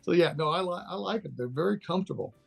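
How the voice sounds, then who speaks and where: A man's voice: high voice, creaky, slightly rough. An older man from Texas, a guest in a casual interview, talking candidly and laughing easily. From Texas, USA. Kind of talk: casual interview over a call.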